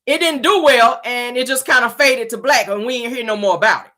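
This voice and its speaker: A woman vlogger with a fairly high voice talks a little fast while dishing casual celebrity gossip from her parked car. She is sassy and animated, doing mocking impressions, recorded on a phone or dashboard mic.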